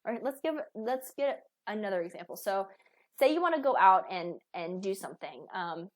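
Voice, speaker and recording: A woman's voice: medium pitch, animated, normal speed. A woman in her thirties, a weight loss coach, giving a casual motivational talk full of fillers and restarts. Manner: chatty, with many fillers and restarts.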